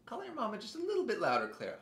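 A man's voice: very high-pitched, wildly swooping pitch, rapid-fire, vocal fry, a bit bright. Playful man teaching kids music. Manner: playful, sing-song, coaxing kids to join in. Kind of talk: interactive music lesson for young children.

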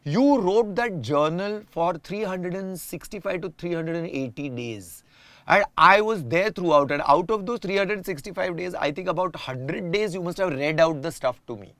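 A man speaks as an interview guest, thinking out loud in long, winding sentences. His voice sits a little high for a man. The recording is dry and close. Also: expressive, normal speed, no echo. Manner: reflective, explains at length with restarts. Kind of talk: casual conversation.

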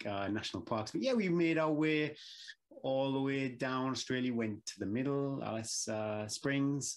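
A British man co-hosting a podcast, relaxed and easygoing as he tells travel stories in casual banter. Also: medium pitch. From Britain. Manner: relaxed, easygoing, frequent fillers and laughs. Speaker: podcast co-host.

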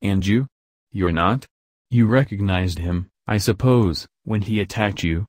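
Man doing fierce grim stranger, suspicious, low pitched. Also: measured pace, darkish tone, no echo, clean studio sound.

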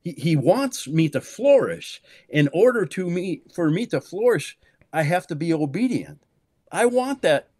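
A man in his fifties, a pastor, talking in an animated preaching way, swinging from low murmurs to loud, high exclamations and leaning on "man" for emphasis. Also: measured pace, no room sound. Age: 50s. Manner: peppers speech with "man", repeats words for emphasis.

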